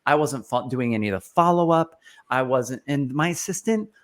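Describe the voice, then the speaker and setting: Energetic male host giving business advice. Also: mid-range voice, normal speed. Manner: energetic, restarts and fillers, emphatic repetition. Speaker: podcast host and business coach. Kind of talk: casual conversational advice.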